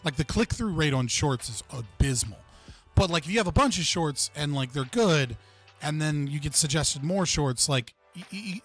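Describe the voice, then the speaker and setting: A young American man hosting a livestream chat, rambling and filling his talk with "like". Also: on the high side. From United States. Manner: rambling, heavy on fillers like "like". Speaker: livestream host. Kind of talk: casual chat.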